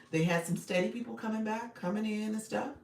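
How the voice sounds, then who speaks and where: A woman's voice: mid-range voice, fairly quick, vocal fry, a little mellow, echoey room, distant mic, slight background noise. A woman coaching on a live stream, upbeat and repetitive, often laughing and calling viewers by name. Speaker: livestream coach and host. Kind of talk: live-stream coaching talk, reading chat.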